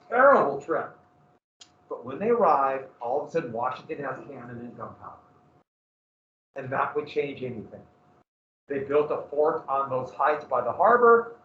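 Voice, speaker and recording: A male history teacher lecturing a class in lively storytelling style and throwing questions to the students. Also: a little high. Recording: echoey classroom from far off, dull lo-fi.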